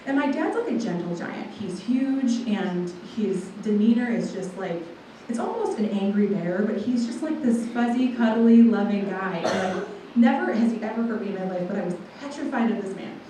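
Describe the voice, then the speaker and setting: A woman in her twenties giving a personal testimony to a live audience, telling it in a lively way and acting out what people said. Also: medium pitch, normal speed, few pauses, background noise. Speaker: guest speaker. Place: large room with a live audience. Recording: echoey hall, voice from far off.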